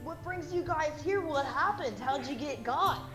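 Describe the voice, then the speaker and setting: High-voiced woman player, echoey room. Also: animated, moderate pace, over music. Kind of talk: casual tabletop play.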